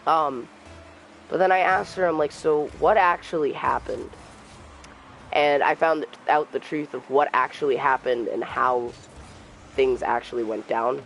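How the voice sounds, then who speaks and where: A young man streaming a game, telling a personal story in a soft, halting voice and trash-talking the game now and then. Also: medium pitch, creaky, faint music behind, low-quality recording. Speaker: gamer streamer. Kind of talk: casual storytelling while gaming.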